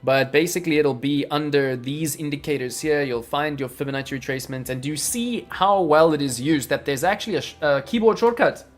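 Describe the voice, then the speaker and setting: A man's voice: fairly high pitch, brisk, hardly any pauses, soft background music. A man hosting a live crypto trading stream, talking energetically through charts and answering viewers in chat. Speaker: crypto livestream host.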